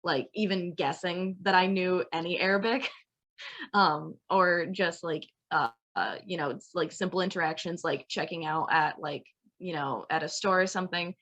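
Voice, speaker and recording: A woman's voice: lowish voice, fairly even intonation, normal speed, a bit bright. A young woman speaking as a student panelist over a video call, rambling casually with lots of "like" and "you know.". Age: young adult.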